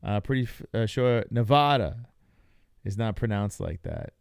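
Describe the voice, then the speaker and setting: This young man's voice is on the low side, gravelly yet smooth, and animated at a normal speed. Hosting a live stream, he reacts to results with casual jokes and chats with his viewers, all captured in a dry, studio-quality recording.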